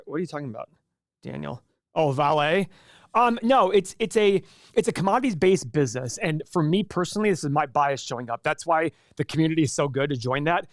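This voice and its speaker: This man hosts a relaxed live stream, fielding viewer questions with chatty, meandering answers and frequent restarts. His voice is a little high, and the sound is clean studio audio with no echo.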